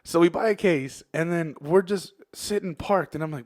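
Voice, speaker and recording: A man's voice: on the high side, moderate pace, a little mellow. A young man co-hosting a podcast, telling a rambling, profane story and laughing as he goes. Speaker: podcast co-host. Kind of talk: casual storytelling chat.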